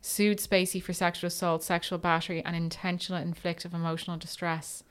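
A woman's voice: on the low side, little pitch movement, fairly quick, smooth. A woman co-hosting a podcast, reading facts aloud in bursts between casual chat. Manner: reads facts aloud in bursts, then chats. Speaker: podcast co-host.

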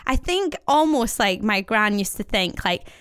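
A young woman co-hosting a podcast in casual chat, animated and quick to mimic other people's voices. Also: medium pitch, clear, resonant tone, no room sound, studio quality. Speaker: podcast co-host, presenter.

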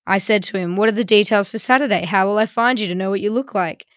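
A woman's voice: mid-range voice, fast talker, a bit bright, no echo. A woman, co-hosting a podcast and telling a funny story in a dry, self-mocking way. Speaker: podcast co-host. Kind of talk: casual storytelling chat.

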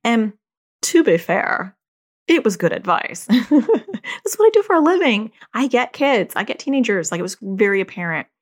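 A woman's voice: fairly high pitch, very animated, moderate pace. A middle-aged woman therapist and parent giving casual advice, telling stories with animation, laughing and acting out quoted voices.

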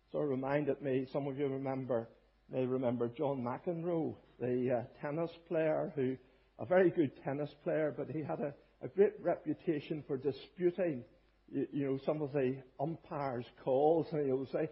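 A man delivers a sermon with a very husky, breathy voice that sits a little high for a man. He speaks earnestly and leans hard on key words, pausing now and then to find his phrasing. The recording sounds dull and lo-fi. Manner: earnest, emphatic preaching with small hesitations. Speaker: preacher.

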